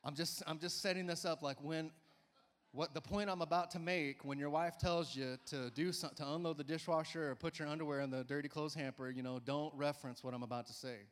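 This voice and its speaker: A man in his forties preaching a sermon in a church, energetic and coaxing, often urging listeners with "come on.". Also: fairly high pitch, a little fast. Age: 40s. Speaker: pastor. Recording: church hall reverb.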